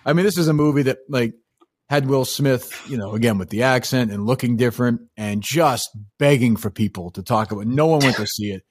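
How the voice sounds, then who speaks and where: A man of middle pitch holds forth on films in a casual podcast chat. He rambles, circles back, and delivers blunt verdicts. His voice is recorded close and dry. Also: a little fast, slightly rough, no echo. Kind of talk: casual movie-discussion chat.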